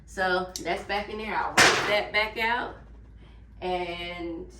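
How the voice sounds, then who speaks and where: A woman from Memphis, Tennessee, with a Southern accent, casually addresses viewers in her vlog as she tidies her home kitchen. Her pitch is fairly low, her tone steady, her pace slow. Recorded from a distance in a roomy space, the clip has background noise.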